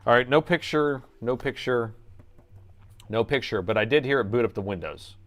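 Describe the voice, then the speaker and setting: A man in a loose, rambling live-stream chat, talking at a middle pitch as he reads out viewer comments and laughs along with them. He wanders from one thought to the next and keeps it easygoing. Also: moderate pace. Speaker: laptop repair technician streaming live.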